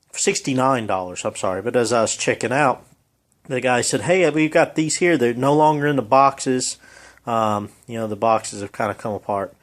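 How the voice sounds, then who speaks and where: A man, rambling in a folksy way with lots of ums while he films a repair in his home garage. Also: on the low side. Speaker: home mechanic filming a repair. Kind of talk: casual how-to vlog.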